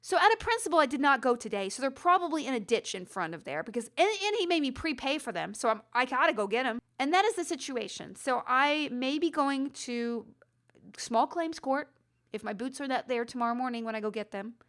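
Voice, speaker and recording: A woman's voice: high voice, animated, fairly quick, a bit bright. A woman hosting a podcast, telling a rambling, self-deprecating story with lots of restarts. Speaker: podcast host. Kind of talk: casual storytelling monologue.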